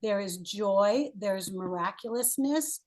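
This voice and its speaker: A woman's voice: mid-range voice, animated, slow pace, darkish tone. A woman leading a healing coaching call, playful and encouraging, asking leading questions.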